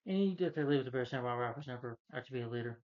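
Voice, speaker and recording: A man's voice: medium pitch, racing, a little mellow, muffled recording. Rambling man recapping a movie plot. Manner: rambling, loose retelling full of "you know". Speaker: film reviewer.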